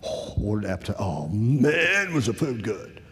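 A man's voice: lowish voice, sing-song, moderate pace, a bit bright, long reverb tail. A man telling a personal story to an audience in a folksy, conversational way. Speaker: speaker.

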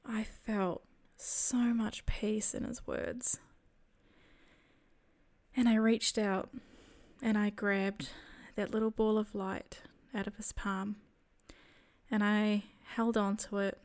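A woman telling a personal faith testimony in a soft, reflective storytelling manner. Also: mid-range voice, flat delivery, takes it slowly. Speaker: storyteller sharing a spiritual experience.

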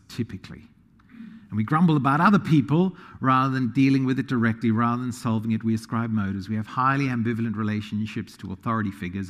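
A man preaching a sermon, animated, swinging between quiet asides and loud emphasis. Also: mid-range voice, in a large hall. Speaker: pastor.

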